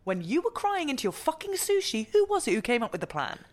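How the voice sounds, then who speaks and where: A woman voices a sharp, sarcastic staffer who needles her boss. Her pitch moves lively between her digs in a comedy audio drama. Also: fast talker. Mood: teasing. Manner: sarcastic, teasing. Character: sharp, sarcastic female club staffer, Jess Tate.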